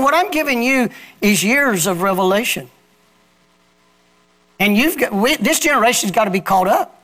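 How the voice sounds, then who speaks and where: A male pastor with a very high, bright, forceful voice preaches a sermon. He uses call-and-response, asking the congregation to repeat after him.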